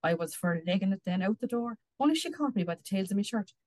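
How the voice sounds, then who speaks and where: A woman's voice: medium pitch, expressive, fast, a little mellow, no echo, lightly acted. An Irish woman reading aloud, voicing a small, meek country man who complains about his wife. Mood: wheedling.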